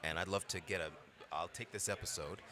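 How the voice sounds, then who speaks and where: A man's voice: low-pitched, a little fast, crowd noise. A man from Brooklyn, a voice actor, talking reflectively and expressively as a guest in a casual interview. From Brooklyn, New York. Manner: reflective, expressive, animated storyteller. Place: convention floor.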